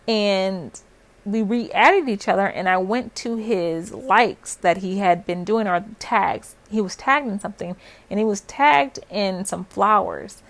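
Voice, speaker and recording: A young adult woman telling her own story in a casual vlog, animated and full of "like" fillers. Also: medium pitch, slow, dry recording.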